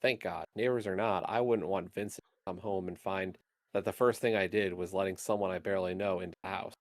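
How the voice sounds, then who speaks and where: A man streaming a game, reading its narration aloud in a steady, even way. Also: low voice, a little fast, dry recording.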